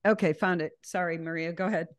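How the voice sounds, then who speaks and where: A woman with a somewhat low voice leads a casual Bible study over a video call. She talks freely, often stopping and restarting her sentences as she explains. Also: steady tone, fast talker. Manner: chatty, with frequent restarts and self-corrections. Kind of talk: informal Bible study teaching.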